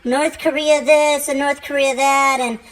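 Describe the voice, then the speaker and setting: A woman's voice: sits high, level tone, unhurried, voice pushed up. A woman doing a fretful, whiny worrier. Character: anxious gossiping everyday person.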